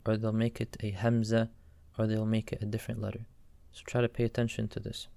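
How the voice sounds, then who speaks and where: A man teaching pronunciation slowly and carefully, repeating each sound to demonstrate it. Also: medium pitch, level tone, darkish tone, dry recording. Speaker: recitation teacher. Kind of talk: instructional explanation.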